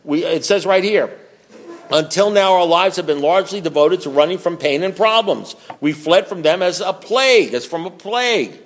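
A man speaking at a recovery meeting in a slightly high voice. He tells folksy stories, acts out both sides of his conversations and is blunt and joking. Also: expressive, normal speed. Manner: blunt, joking, laughs often.

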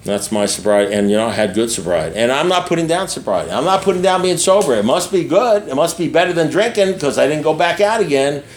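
A man's voice: on the high side, animated, fast talker, few pauses, a little hiss or hum. An older man speaking candidly to a recovery meeting, blunt and profane, repeating himself and often checking in with his listeners. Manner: blunt, repetitive and profane, with frequent asides to the listeners. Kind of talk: candid personal talk to an audience.

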